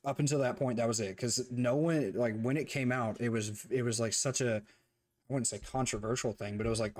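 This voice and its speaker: A man co-hosting a casual review chat, talking in a rambling, profane, animated way. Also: medium pitch, brisk. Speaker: co-host reviewing a show.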